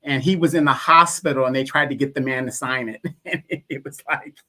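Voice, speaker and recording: A man joining a live stream as a guest, telling stories in a relaxed, casual way. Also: medium pitch, a little fast. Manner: relaxed, storytelling, a few restarts. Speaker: co-host guest. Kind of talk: casual conversation.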